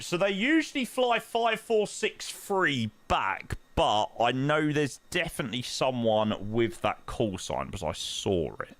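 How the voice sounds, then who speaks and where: A man's voice: mid-range voice, fairly bright tone. A young man chatting casually on a flight-sim live stream, bantering with chat in slang.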